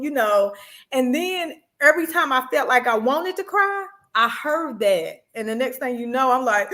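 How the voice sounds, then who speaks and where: A woman author speaking as a guest, telling personal stories in an animated, expressive way. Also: high-pitched, normal speed. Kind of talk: casual chat.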